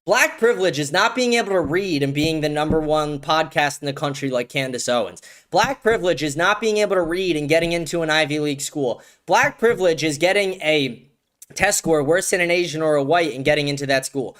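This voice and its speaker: High-voiced man ranting heatedly. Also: fairly quick, a bit bright. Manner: heated, profane, repeats words when starting sentences. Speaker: show host. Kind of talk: solo ranting commentary.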